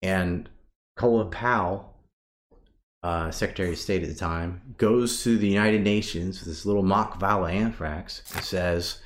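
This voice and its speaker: Deep-voiced man, animated and profane. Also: unhurried. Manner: animated, profane, rising to outraged bursts. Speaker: podcast guest. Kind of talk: casual conversation.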